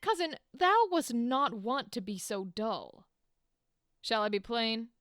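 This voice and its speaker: A woman reading a scheming male king's lines aloud from a play, slow and deliberate. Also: on the high side, sing-song, a bit bright, dry recording, clean studio sound, heavily acted. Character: scheming male king plotting murders.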